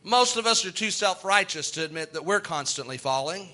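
A man's voice: high voice, expressive, a little fast, bright, forceful tone. A male preacher delivering a folksy, emphatic sermon, often restarting his phrases as he drives a point home.

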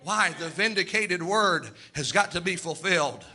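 A man preaches with fervour, acting out the people in his stories as he goes. His voice sits very high and rings with a sharp brightness. It is a sermon through and through. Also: normal speed, breathy edge.

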